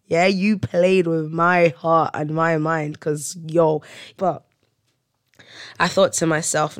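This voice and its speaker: Animated laughing podcast host, dry sound. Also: medium pitch, takes it slowly, clear, resonant tone, no room sound. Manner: animated, laughing, comic exaggeration. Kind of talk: solo storytelling chat. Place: hotel room.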